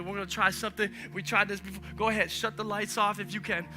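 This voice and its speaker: A male pastor gives an animated sermon in a church, often turning to speak to the crowd. His voice sits very high and rings bright and sharp. Soft music plays faintly under him. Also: fast, few pauses. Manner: animated, conversational preaching with asides to the congregation. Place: church sanctuary. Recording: live church stream with music.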